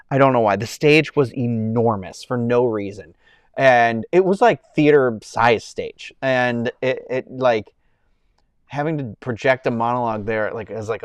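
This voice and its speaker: A young man hosting a casual live stream, rambling and chatting with viewers in a loose way, full of fillers and quick laughs. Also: medium pitch, no room sound. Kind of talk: casual chat reading viewer comments.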